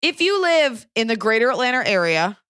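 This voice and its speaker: A woman's voice: on the high side, very animated, brisk, a bit bright, clean tone, no room sound, clean studio sound. A woman hosting a podcast, chatting casually with wry, teasing asides. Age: adult. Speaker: podcast host. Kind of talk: casual chat.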